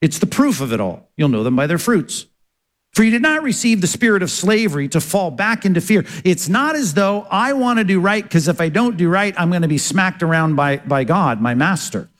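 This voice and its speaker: A man's voice: high-pitched, very animated, brisk, fairly bright tone, in a large hall. A man preaching a sermon as pastor, earnestly asking rhetorical questions and answering them himself.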